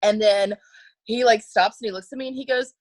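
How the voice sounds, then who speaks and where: A woman chatting as a podcast guest, spinning a lively anecdote and laughing as she goes. She mimics other people's voices mid-story and leans on lots of "like" fillers. Her pitch sits in a middling range, and the recording is dry and close, with no room echo. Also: fairly quick. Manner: animated, acts out quoted voices, many "like" fillers; laughs often while telling.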